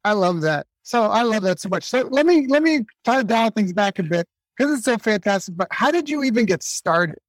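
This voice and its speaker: High-voiced enthusiastic male host. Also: lively intonation, dry recording. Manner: enthusiastic, quick follow-up questions. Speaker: podcast host. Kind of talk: interviewing.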